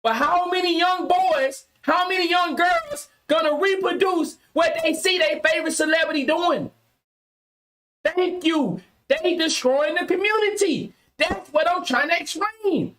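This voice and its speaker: A woman's voice: very high-pitched, a little slow, a bit bright. A woman hosting a podcast livestream, talking emphatically and repeating her points to her viewers. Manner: emphatic, preachy, repeats phrases. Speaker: podcast host. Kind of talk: casual livestream commentary.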